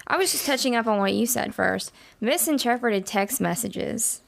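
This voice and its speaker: A woman's voice: on the high side, expressive, moderate pace, gravelly. A woman co-hosting a podcast in casual chat, telling stories in a wry, matter-of-fact way. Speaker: podcast co-host.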